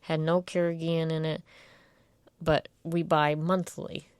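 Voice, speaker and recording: A woman's voice: low-pitched, little pitch movement, measured pace, clean tone, dry recording, studio quality. A woman co-hosting a casual talk show, chatty and wry, often trailing off mid-thought. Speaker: podcast co-host. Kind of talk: casual chat.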